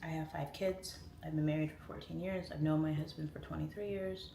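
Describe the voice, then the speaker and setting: A woman's voice: deep voice, steady tone, fairly quick, creaky, dark tone. Woman late 30s doing a chill livestream, reads chat, goes off on tangents, echoey room, a bit of hiss. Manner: chatty, laughing, goes off on tangents. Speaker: livestream host. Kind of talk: casual livestream chat reading comments. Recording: roomy echo, faint room noise.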